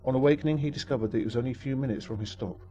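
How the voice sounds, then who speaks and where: Dry-humored storyteller, quick. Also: male voice, medium pitch, mellow, highs cut off. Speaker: narrator. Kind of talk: storybook narration.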